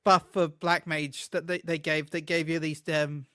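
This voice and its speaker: A man co-hosting a casual gaming podcast, excitable and quick to laugh, often tripping over his words. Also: on the high side, no room sound, studio quality. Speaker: podcast co-host.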